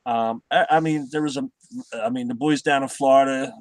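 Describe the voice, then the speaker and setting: A middle-aged man chatting casually as a guest, halting and repeating his words as he tells stories. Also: mid-range voice, fairly even intonation, dry recording. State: recovering from heart surgery. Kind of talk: casual chat.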